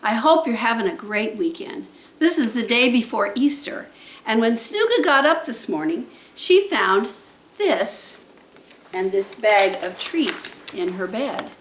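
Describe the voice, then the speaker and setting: A woman with a high, bright-pitched voice that leaps up and down in sing-song swoops. She is a preschool teacher talking to her young students on video, then cheering on her dog to hunt for treats. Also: sing-song, a little slow, a little hiss or hum. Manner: sing-song, coaxing talk to a pet dog.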